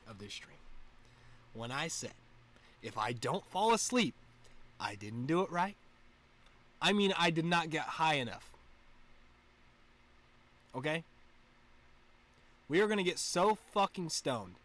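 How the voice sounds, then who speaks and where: Bright-voiced man, profane stoner chat. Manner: profane, rambling, laid-back, deliberately pitched-up head voice. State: getting high while talking. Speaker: livestream host. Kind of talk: casual stoner livestream chat.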